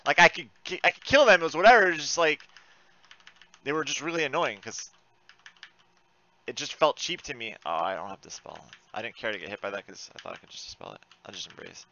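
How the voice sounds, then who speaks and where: A man giving live commentary while playing an online game, cursing often and swinging between frantic outbursts and low muttering. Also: expressive, brisk, pushed and bright, lo-fi sound, a little hiss or hum. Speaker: gaming streamer.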